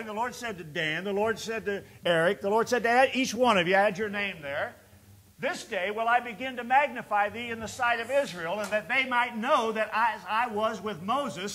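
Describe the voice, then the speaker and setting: Bright-voiced preaching pastor, swelling and dipping. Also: male voice, sits high. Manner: preaches with rising bursts and quiet storytelling dips. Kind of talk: sermon. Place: church sanctuary.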